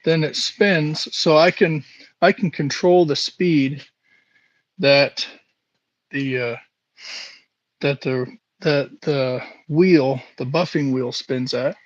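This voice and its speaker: A man hosting a casual live stream from his home workshop, talking slowly with many fillers while he works. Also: fairly high pitch, no room sound, muffled recording. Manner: slow, halting, lots of fillers. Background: buffing wheel hum.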